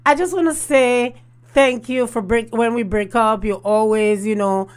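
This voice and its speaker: A woman's voice: fairly high pitch, fairly even intonation, unhurried, smooth. A woman, hosting a casual storytelling vlog and laughing often. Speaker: host.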